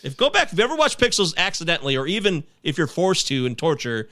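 A man's voice: a little high, big pitch swings, bright, forceful tone, dry recording, studio quality. A man hosting a casual live movie podcast, rambling and chatty, stopping himself mid-sentence. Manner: rambling, self-interrupting, quick laughs. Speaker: podcast host.

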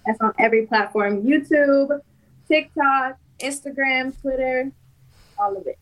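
Young woman rapper chatting easy on a podcast, voice a touch high. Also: measured pace, a bit bright, rough recording. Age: young adult. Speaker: rapper and guest. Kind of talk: casual podcast conversation. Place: podcast studio.

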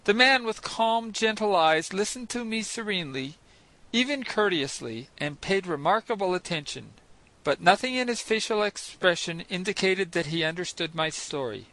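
A man reads a novel in the first person as an audiobook, measured and expressive. His voice sits high and bright, and the recording is close and dry. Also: no room sound, low-quality recording. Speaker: audiobook narrator. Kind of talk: scripted first-person narration.

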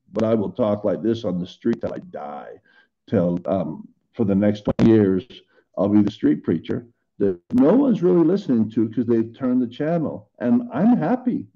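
A man's voice: medium pitch, highs cut off. A middle-aged man in earnest, rambling casual talk about faith as a podcast co-host.

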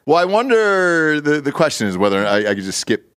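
A man's voice: fairly high pitch, fairly quick, clear, resonant tone, dry recording, studio quality. A man hosting a casual golf betting podcast, joking and swearing as he talks. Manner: profane, joking, animated. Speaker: podcast host.

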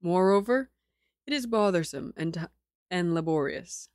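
A woman's voice: lowish voice, animated, moderate pace, a little mellow, no echo, clean studio sound, close to an everyday voice. A woman voicing a sickly young nobleman who talks in a playful, teasing way.

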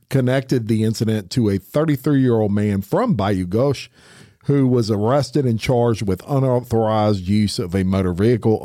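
A man's voice: mid-range voice, warm tone, no room sound, studio quality. A man co-hosting a crime podcast, reading crime news in a plain, conversational way. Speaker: podcast co-host.

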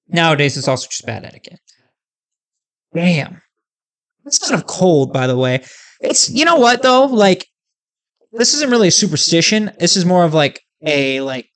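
A man's voice: fairly high pitch, a bit bright. A man hosting a podcast in a casual, rambling, joking way, with lots of filler words. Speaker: podcast host.

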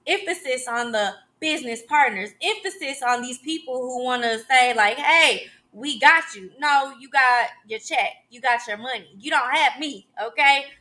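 A woman's voice: high voice, moderate pace, hardly any pauses, bright, forceful tone. A woman in her thirties hosting a podcast, giving an emphatic, preachy solo talk and often checking in with "okay?". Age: 30s. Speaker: podcast host.

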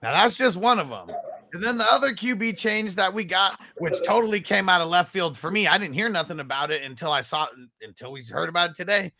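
Podcast host, man, high voice with fry, slangy and laughing. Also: lively intonation, a little fast, bright, forceful tone. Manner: laughs often, casual slangy banter. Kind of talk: casual sports podcast chat.

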